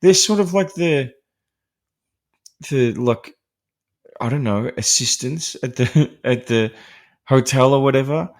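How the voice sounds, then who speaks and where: A man's voice: medium pitch, slow pace, long pauses. A man hosting a podcast, talking through a film in a casual, rambling way with many fillers and restarts, laughing lightly between points. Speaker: podcast host discussing horror films.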